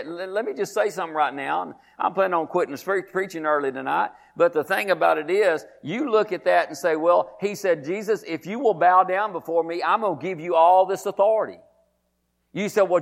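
A man's voice: high-pitched, creaky. A man, a pastor preaching a sermon, reading scripture aloud and calling out to his congregation.

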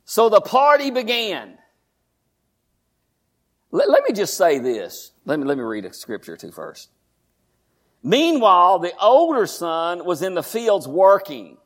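Man, pastor, sermon in church, quiet asides, shouted high-pitched preaching. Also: huge pitch swings, a little slow, long pauses.

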